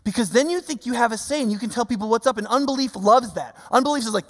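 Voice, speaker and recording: A man's voice: very high-pitched, fast talker, hardly any pauses. A man, a pastor, preaching a sermon in a conversational way, full of rhetorical questions and casual fillers. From United States. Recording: long reverb of a large hall.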